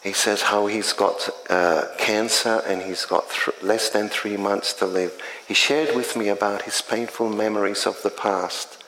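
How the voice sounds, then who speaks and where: A middle-aged man, a chaplain, shares his testimony in a slow, earnest, measured voice that sits fairly low. The sound carries a long hall reverb with faint ambience underneath. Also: fairly even intonation, fairly bright tone, a little hiss or hum. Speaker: community chaplain. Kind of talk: spoken testimony.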